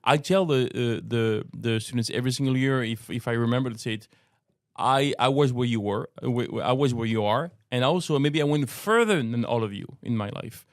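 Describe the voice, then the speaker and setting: A middle-aged man with a French accent talks earnestly on a podcast, stopping to repeat words as he finds his phrasing. His voice sits at an ordinary pitch in a dry, close room. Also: brisk, no room sound. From France. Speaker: co-host, apologetics teacher. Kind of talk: casual podcast discussion.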